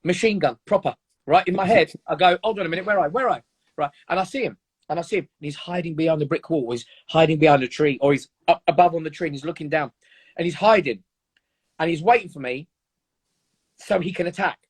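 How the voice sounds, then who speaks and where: A man's voice: a little high, fast, husky. A man speaking as a guest in an earnest, emphatic, motivational chat, often repeating words for force.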